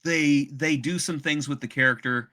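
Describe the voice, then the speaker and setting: A man's voice: a little high, moderate pace, bright, forceful tone. An American man hosting a podcast, recapping a cartoon in a playful, laughing casual chat. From United States. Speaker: podcast host.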